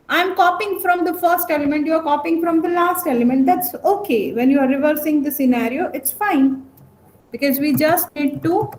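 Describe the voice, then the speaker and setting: A woman teaching a programming class online, often stopping to check whether students follow. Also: sits high. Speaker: programming lecturer. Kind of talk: online lecture. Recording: echoey room, faint noise.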